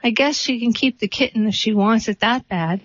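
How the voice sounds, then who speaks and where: A woman's voice: a little high, moderate pace, no room sound, close to an everyday voice. Kind worried neighbor guy from a story, woman reading his lines, plain talk, dull dry audio. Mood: resigned. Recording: dull, slightly lo-fi dry recording.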